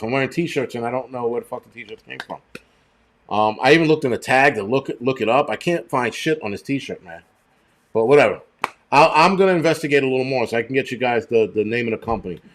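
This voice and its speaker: A man's voice: mid-range voice, fairly quick, a little hiss or hum. Middle-aged male streamer, profane, rambling, chatty livestream commentary. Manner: rambling and profane, thanks chat viewers. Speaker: show host.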